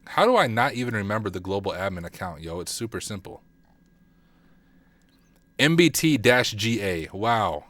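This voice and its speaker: A man's voice: lowish voice, very animated, moderate pace, long pauses, a bit bright. A man streaming a casual hacking walkthrough, thinking aloud and teasing himself as he types. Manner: thinks aloud, self-deprecating, mutters while typing. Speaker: cybersecurity streamer.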